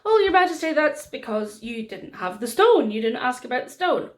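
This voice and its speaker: A woman voicing a cheeky young male trickster in a told folk tale, with a bright, wheedling manner. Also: high-pitched, sing-song, normal speed.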